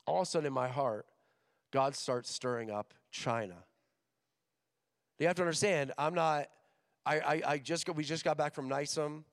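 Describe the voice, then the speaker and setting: A young man preaching to students, energetic and joking, acting out voices in his stories. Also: a little high, normal speed, pauses often. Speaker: missions director speaking at a school chapel. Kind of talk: sermon. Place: large hall with an audience. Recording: long hall reverb.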